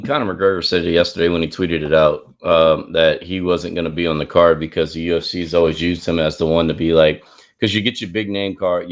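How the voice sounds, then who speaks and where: A man co-hosting a sports podcast, talking in a loose, easygoing conversational way. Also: deep voice. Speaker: podcast co-host. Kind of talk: casual sports chat.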